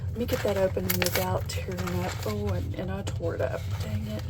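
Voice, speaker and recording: A woman hosting a craft channel, chatting casually and gushing with excitement as she unboxes a package. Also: fairly low pitch, moderate pace, very noisy. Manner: gushing, excited, gasps and laughs often.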